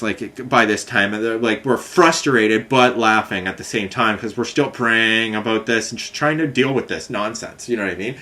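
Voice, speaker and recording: A man's voice: mid-range voice, pushed and bright. A man vlogging an exasperated, swear-filled rant about bad service, repeating himself as he vents. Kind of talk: angry storytelling rant.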